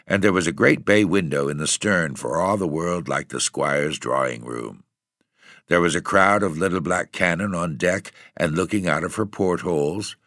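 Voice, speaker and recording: A man reading a ghost story aloud in a steady, measured way. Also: sits low, no room sound, clean studio sound. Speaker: audiobook reader.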